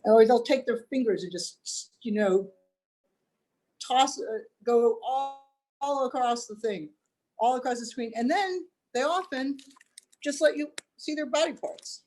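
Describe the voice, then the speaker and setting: A woman's voice: on the high side, a little slow, a little mellow. Dry-witted older woman doing stand-up. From United States. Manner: dry, wry delivery with acted-out quotes. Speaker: stand-up comedian. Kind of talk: stand-up routine over video call. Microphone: video call.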